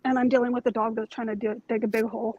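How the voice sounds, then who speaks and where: Calm woman co-hosting a livestream. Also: on the high side, rapid-fire, highs cut off, slight background noise. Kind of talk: casual panel livestream. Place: home near a yard.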